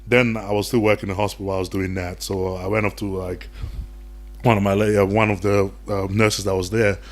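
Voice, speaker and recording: Fast-talking low-voiced man telling stories. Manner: animated, acts out quoted voices. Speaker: podcast guest. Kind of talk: casual storytelling interview.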